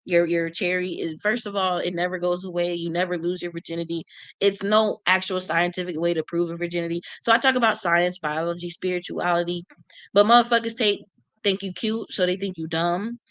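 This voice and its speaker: A woman's voice: lowish voice, steady tone, a little fast, fairly bright tone, no room sound. Woman w aave talking trash on her livestream, blunt and cussing a lot, dry close sound. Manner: blunt, profane, brash, talks back to commenters. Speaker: channel host reading live comments. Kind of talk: casual livestream chat.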